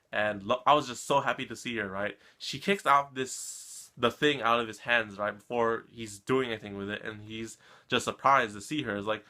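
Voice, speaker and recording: Bright-voiced man recapping an anime. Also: medium pitch, normal speed. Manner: rambling, keeps tagging "right?". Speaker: anime reaction vlogger. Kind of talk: casual episode recap.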